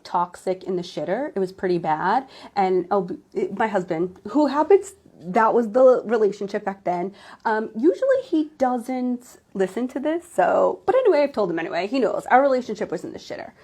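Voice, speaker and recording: Excitable woman hosting a live stream. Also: medium pitch, normal speed. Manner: excitable, gushing, tripping over words. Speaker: host, women's empowerment coach. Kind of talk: casual live-stream chat. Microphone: phone or laptop live stream.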